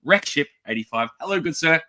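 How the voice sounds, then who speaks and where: A man's voice: fairly high pitch, a little fast. An Australian man co-hosting a casual toy livestream, joking around and greeting people in the chat one after another. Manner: lively, jokey, rattling off greetings.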